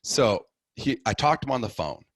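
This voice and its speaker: Speaking at a moderate pace in a medium-pitched voice, a middle-aged guest tells how he converted, in a relaxed but animated way, playing each character himself. The recording is dry.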